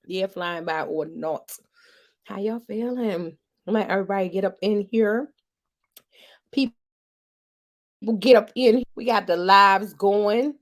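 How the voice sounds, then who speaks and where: A woman hosting a live podcast in a casual, slangy, playful way, hyping up her audience. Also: mid-range voice. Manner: hype, slangy, playful, drawn-out words. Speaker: podcast host. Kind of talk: casual livestream chat.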